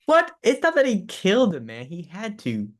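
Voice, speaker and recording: A man's voice: sits high, wildly swooping pitch, normal speed, fairly bright tone. A young man co-hosting a podcast over a remote call, chatting casually and teasing playfully. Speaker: podcast co-host. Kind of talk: casual chat.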